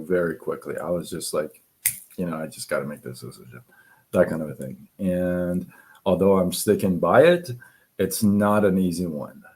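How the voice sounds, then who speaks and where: A man hosting a casual livestream, halting with many fillers and clearing his throat, losing his voice. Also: low-pitched, darkish tone. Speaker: livestream host. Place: home apartment.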